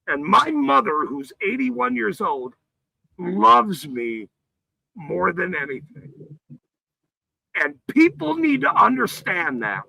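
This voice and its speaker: A man hosting a livestream, ranting with heavy profanity and frequent shouting. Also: high-pitched, big pitch swings, takes it slowly, gravelly, long pauses, no echo, rough recording. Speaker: livestream host.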